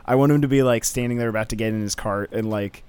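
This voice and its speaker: A man in casual chat, thinking aloud in a laid-back way as he pitches story ideas. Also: quick pace, a little mellow, clean tone.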